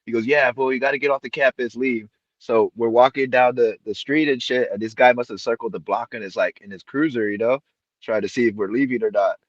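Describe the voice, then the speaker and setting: A man's voice: mid-range voice, brisk, dry recording. A young man on a stream panel telling a story in a laid-back, profane way. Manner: laid-back, profane, acts out quoted voices. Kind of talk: casual storytelling. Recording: dull, dry lo-fi call audio.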